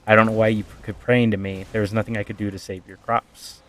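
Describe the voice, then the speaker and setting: A man voicing a humble minor male god in a retold tabletop story, speaking in a weary, gently apologetic way. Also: on the low side, little pitch movement, fast, lightly acted. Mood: resigned.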